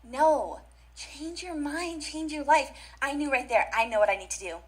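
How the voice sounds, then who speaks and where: A young woman with a fairly high voice gives a motivational speech from a conference stage. She talks directly to her listeners and drives her points home by repeating them. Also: animated, a little fast, low-quality recording. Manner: emphatic, repeats key phrases, addresses audience directly. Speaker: conference speaker.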